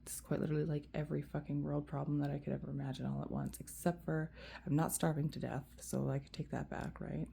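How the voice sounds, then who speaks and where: A woman with a gravelly, fry-laden voice pours out a rambling, profane rant to her viewers. Her tone is very dark and mellow, and the pitch sits fairly low. She talks loosely, with many fillers. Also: level tone, fast, slight background noise. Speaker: vlogger. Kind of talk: emotional rant to camera.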